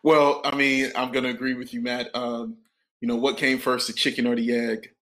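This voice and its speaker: A man's voice: mid-range voice, little pitch movement, normal speed, a bit bright. A man co-hosting a podcast in a laid-back, joking casual chat. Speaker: podcast co-host.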